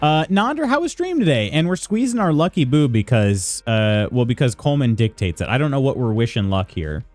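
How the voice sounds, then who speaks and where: A casual American man hosting a live stream, talking to his viewers in a loose, rambling way. His pitch leaps around with a lot of life, and faint music plays underneath. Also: very animated, fairly quick, hardly any pauses, darkish tone. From United States. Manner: chatty, greets viewers by name, reads chat aloud.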